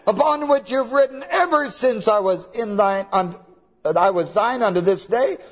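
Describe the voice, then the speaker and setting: A man voicing a put-upon old female donkey who protests in a high, squawking voice while retelling a scripture story. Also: moderate pace, highs cut off, close to an everyday voice. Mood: pleading.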